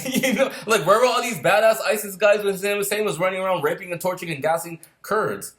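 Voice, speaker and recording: Man, quick and fired-up, rapid profane rant, slightly high voice, echoey room. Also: a bit bright. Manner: heated, profane, fires rhetorical questions. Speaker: filmmaker sharing opinions. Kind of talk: casual rant. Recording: roomy echo.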